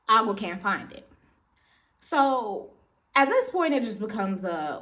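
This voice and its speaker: A woman's voice: medium pitch, big pitch swings, slow, pauses often, bright, forceful tone. A woman vlogger telling a story in a casual, slangy way, talking straight to her viewers as y'all. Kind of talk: storytime vlog.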